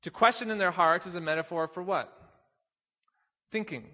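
A man's voice: sits high, moderate pace, in a large hall, muffled recording. A man preaching a sermon, teaching earnestly, reading scripture aloud and posing rhetorical questions.

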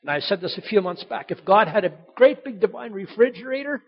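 A pastor preaching a sermon, emphatic and conversational, who drives home key points by repeating them, in a dull lo-fi recording. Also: male voice, high voice, lively intonation, fairly quick, gravelly, husky.

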